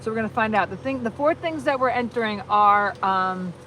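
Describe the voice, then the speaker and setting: A woman hosting a casual live stream, chatting in a rambling, excitable way. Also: mid-range voice, fairly quick, slight background noise, poor audio. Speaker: livestream host.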